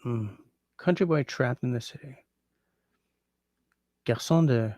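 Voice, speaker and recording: A man's voice: mid-range voice, dry recording, clean studio sound. A man hosting a casual livestream, reading out viewer comments and thinking aloud as he tries out French translations. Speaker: livestream host.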